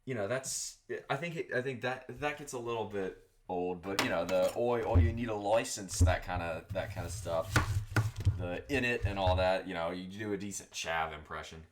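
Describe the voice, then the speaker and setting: A man's voice: deep voice, fairly even intonation, normal speed. A man hosting his own vlog, chatting casually while he cooks in a home kitchen, rambling through asides. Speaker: vlogger host. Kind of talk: casual cooking chat.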